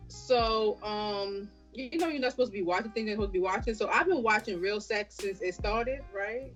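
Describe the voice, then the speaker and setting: A woman's voice: mid-range voice, moderate pace, fairly bright tone, highs cut off, faint music behind. A woman in her thirties, a business owner and interview guest, telling stories bluntly with plenty of swearing. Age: 30s. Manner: blunt, storytelling, heavy swearing. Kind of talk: casual interview chat.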